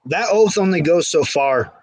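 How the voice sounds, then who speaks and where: A man's voice: fairly high pitch, lively intonation, moderate pace, darkish tone, rough recording. A man telling a candid, rambling personal story in casual talk, with many restarts. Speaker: guest. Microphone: phone.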